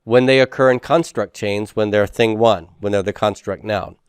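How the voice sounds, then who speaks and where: A man's voice: fairly low pitch, fairly even intonation, moderate pace, smooth, dry recording, clean studio sound. A man teaching a Hebrew grammar lecture, patiently repeating words and checking in with "okay?".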